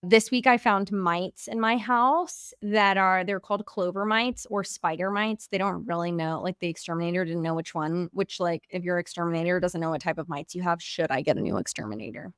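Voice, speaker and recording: Young woman, podcast host, gushing casual chat, smooth clear tone. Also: on the low side, a little fast, few pauses, no room sound, clean studio sound. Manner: bubbly, gushing, says "like" often.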